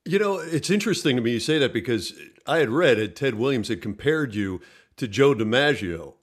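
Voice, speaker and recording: A man's voice: medium pitch, animated, a little fast, breathy edge. Man hosting, asking a thoughtful question. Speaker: interview host. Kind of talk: conversational interview question.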